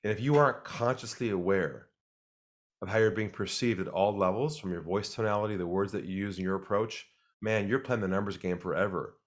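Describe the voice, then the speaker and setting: A man being interviewed as a sales expert, speaking calmly and deliberately and acting out the people he quotes. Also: lowish voice.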